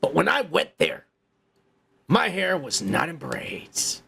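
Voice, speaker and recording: A man's voice: a little high, huge pitch swings, slow, gravelly, sharp tone, husky. A male podcast host ranting in crude, heated commentary, swearing and repeating himself.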